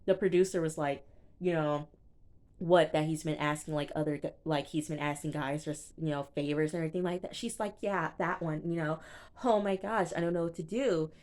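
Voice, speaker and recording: A young woman with a low voice chats through a reality show recap. She retells each scene in a loose, animated way and acts out what the people said. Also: fairly quick. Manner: chatty, animated retelling with quoted reactions. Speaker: TV show reviewer. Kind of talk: casual recap commentary.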